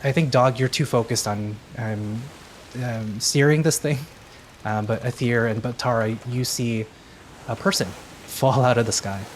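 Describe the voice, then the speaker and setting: A man's voice: medium pitch, steady tone, a little slow, a little hiss or hum. A man narrating as game master of a tabletop game, hesitant and full of fillers. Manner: hesitant, lots of um.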